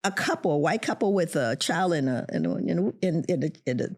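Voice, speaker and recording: A middle-aged woman, an interview guest, telling a personal story in an animated way and voicing the people in it. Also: sits low, a little fast.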